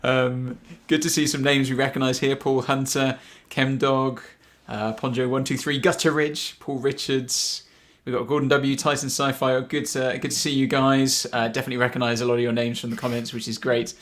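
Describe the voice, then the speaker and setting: A man's voice: mid-range voice, little pitch movement, normal speed, fairly bright tone. A man co-hosting a casual livestream chat, talking loosely with frequent laughs and fillers. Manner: chatty, laughs often, many fillers and restarts. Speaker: podcast co-host.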